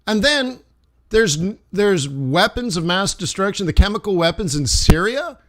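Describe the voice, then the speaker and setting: A man's voice: sits high, animated, normal speed, a bit bright. A middle-aged man, a forex trader, talking casually and rambling on a live stream, with restarts and acted asides. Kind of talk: casual livestream commentary.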